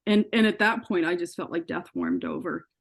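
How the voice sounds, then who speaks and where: An earnest woman, a guest in an interview, retells her ordeal and voices the quoted dialogue herself. Her voice is fairly low and brisk, with vocal fry.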